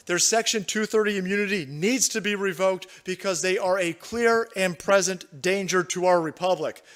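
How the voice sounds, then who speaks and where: A man's voice: sits high, a bit bright. A young man hosting a livestream, ranting profanely about politics and reading out viewer chat. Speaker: livestream host.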